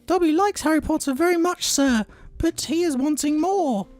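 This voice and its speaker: An eager little house elf. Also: male voice, normal speed, a little mellow. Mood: earnest. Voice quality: high squeaky falsetto, breaking into laughs.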